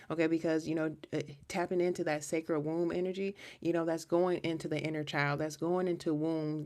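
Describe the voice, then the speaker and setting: Low and darkish in tone, a woman hosts a live tarot reading in a chatty, rambling style with lots of restarts. She comes across as earnest and emotional in this casual live-stream reading.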